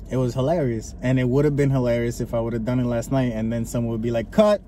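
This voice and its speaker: A man co-hosting a casual podcast from inside a car, ranting with lots of swearing and animated storytelling. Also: medium pitch, fast. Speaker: podcast co-host. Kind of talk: casual chat. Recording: faint car noise behind.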